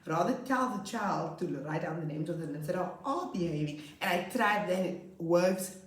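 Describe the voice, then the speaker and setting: Chatty young woman in a roomy echo. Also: fairly low pitch. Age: late 20s. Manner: chatty, expressive, drawn-out emphasis. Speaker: grade 2 teacher. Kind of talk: casual storytelling vlog.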